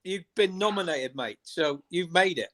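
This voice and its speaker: Man, slightly high voice, sincere earnest praise, casual stream chat. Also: animated, normal speed, a crowd in the background. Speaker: guest on a live watchalong stream.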